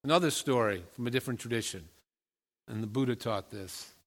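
Speaking a little fast in a medium pitch, a male pastor gives a sermon whose long echo fills the big sanctuary. He keeps it loose and chatty, regularly asking his listeners friendly questions.

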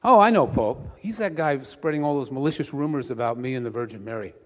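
A man's voice: mid-range voice, animated, fast talker, slight background noise, natural voice. A man voicing a mischievous, knowing holy spirit who trades in gossip, in a long church reverb. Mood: sly.

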